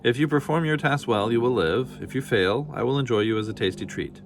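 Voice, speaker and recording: A man voicing a huge, fierce mother dragon who speaks in a slow, booming, menacing way. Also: slight background noise, close to an everyday voice. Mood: scolding.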